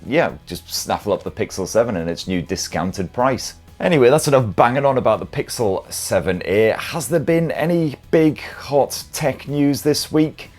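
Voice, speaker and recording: A man with a lowish voice hosts a casual tech news podcast. He delivers rumours and viewer comments with cheeky, sweary, self-mocking banter, while faint music plays underneath. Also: a little mellow. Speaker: tech show host.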